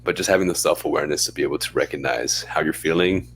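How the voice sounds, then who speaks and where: Deep-voiced man in laid-back chat. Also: fast, a bit bright, a little hiss or hum. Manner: laid-back, chatty, fond of acting out high phone voices. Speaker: podcast co-host. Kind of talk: casual chat.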